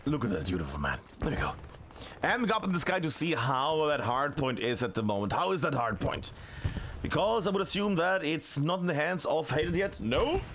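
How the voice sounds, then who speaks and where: A man casting a tactical shooter match solo, chatty and excitable, shouting on big plays. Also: on the high side, brisk, a little hiss or hum. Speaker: esports caster. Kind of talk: solo play-by-play commentary.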